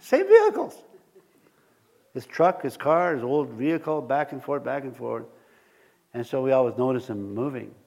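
A pastor delivers a sermon to his congregation in a church, telling everyday personal stories in an animated way, chuckling often and putting questions to the listeners. His mid-range voice moves at a moderate pace with some vocal fry.

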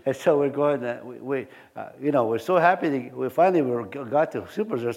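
Guy preaching at church, lively ups and downs, chatty stories, laughs a lot. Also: medium pitch, fast, vocal fry, hardly any pauses, lo-fi sound. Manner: animated storytelling, chuckles often, asks the congregation questions. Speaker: pastor. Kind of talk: sermon with personal stories.

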